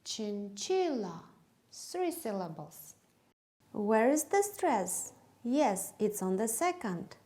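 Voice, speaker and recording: Slow, clear woman teaching English. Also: a little high, very animated, warm tone. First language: Kyrgyz. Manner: slow, clear, emphatic drilling of words. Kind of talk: teaching demonstration.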